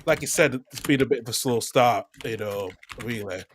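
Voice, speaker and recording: A man's voice: mid-range voice, moderate pace, a little hiss or hum. A man co-hosting a casual football podcast, rambling through his points with fillers and restarts. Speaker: podcast co-host.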